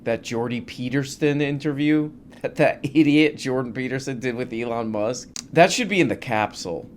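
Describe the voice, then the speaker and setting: A man's voice: medium pitch, moderate pace, a little hiss or hum. Profane ranting male video host. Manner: profane, sarcastic and mocking. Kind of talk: ranting commentary over clips.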